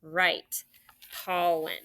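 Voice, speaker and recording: A woman teaching a recorded phonics lesson to children, sounding out letters slowly and clearly into a computer mic. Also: fairly low pitch, level tone, background noise. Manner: slow, clear teacher talk with drawn-out sounds.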